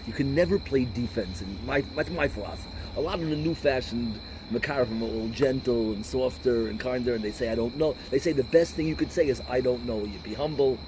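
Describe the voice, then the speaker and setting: A middle-aged rabbi talks in a combative, animated way, telling stories as he lectures. He drops Yiddish and Hebrew words as he goes. His pitch sits in a middle range, with faint noise in the background. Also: brisk, hardly any pauses. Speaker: rabbi giving a talk. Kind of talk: informal lecture with storytelling.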